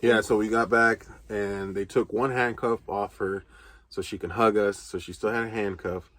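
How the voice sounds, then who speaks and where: Casual man with a low dry voice. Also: fairly even intonation, fairly bright tone, dry recording. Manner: casual, halting, filler-heavy, choked with emotion. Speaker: vlog co-host. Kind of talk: emotional storytelling.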